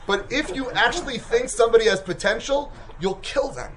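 A man, a yeshiva mashgiach, giving an animated Torah lecture that swings from loud emphasis to soft asides and is peppered with Hebrew and Yiddish terms. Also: high voice, moderate pace, a little hiss or hum.

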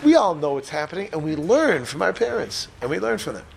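There's background noise as a man from Israel leads a relaxed, joking Torah class, often questioning his listeners. He speaks fairly quickly in a fairly high, gravelly, very animated voice.

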